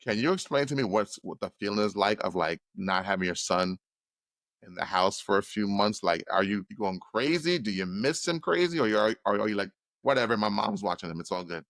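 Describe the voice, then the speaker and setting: A man hosting a podcast, asking searching questions in a relaxed conversational way with many restarts. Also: lowish voice, fairly quick, dry recording. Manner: warm, probing questions with frequent restarts. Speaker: podcast host. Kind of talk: casual interview chat.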